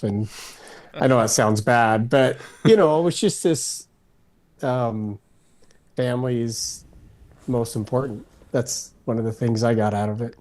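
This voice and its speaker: A man on a podcast panel in a casual film discussion, talking in a halting way full of restarts and fillers. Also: medium pitch, fairly even intonation, darkish tone.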